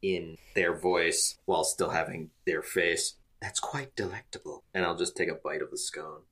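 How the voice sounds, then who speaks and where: A man's voice: sits low, level tone, moderate pace, a bit bright. A man playing in a tabletop game, joking and playful. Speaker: player. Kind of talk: tabletop role-play.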